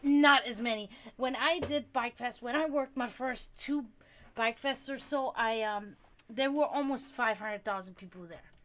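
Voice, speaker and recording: A woman hosting a livestream, chatting casually with her viewers and telling stories in an animated, profane way. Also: fairly high pitch, unhurried. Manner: chatty, swearing freely, animated storytelling. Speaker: livestream host. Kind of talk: casual chat with stream viewers.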